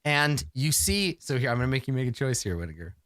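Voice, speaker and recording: A man runs a tabletop game with a rambling, animated storytelling manner, full of fillers and restarts. His voice is bright and keen, and his pitch swings widely as he tells the scene. The sound is close and dry. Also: fast talker, no room sound. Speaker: game master.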